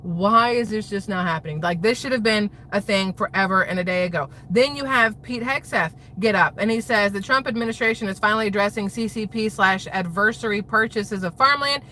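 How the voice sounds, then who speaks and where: A middle-aged woman vlogging casual political commentary, rambling and exasperated, jumping between thoughts as she talks fast. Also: mid-range voice, sharp tone, slight background noise.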